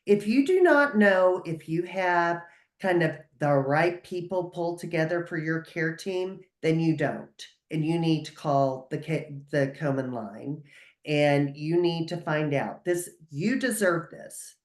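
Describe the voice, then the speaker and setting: A woman's voice: sits low, measured pace, reverberant. A woman speaking as a guest on a video call, giving earnest, emphatic, encouraging advice.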